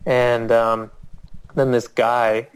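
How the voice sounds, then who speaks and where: On a poor-quality recording, a storyteller with a clear, resonant voice draws out his words in a flat delivery. His casual anecdote for a small audience rambles and restarts often, and he shoots up in pitch each time he quotes a person.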